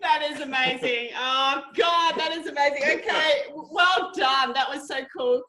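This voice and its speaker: A woman's voice: high voice, unhurried, bright, forceful tone. A woman hosting a casual interview, giggly and playful. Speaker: host. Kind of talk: casual chat. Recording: roomy echo.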